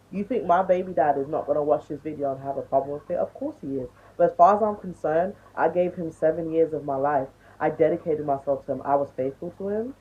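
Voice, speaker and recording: Low husky woman ranting bluntly. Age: 20s. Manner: blunt, swearing, lecturing. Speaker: vlogger. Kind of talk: ranting to camera. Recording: tinny phone-like audio.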